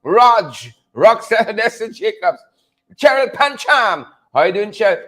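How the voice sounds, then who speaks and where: A male podcast host greeting viewers by name on a live stream, energetic and hype. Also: high voice, measured pace.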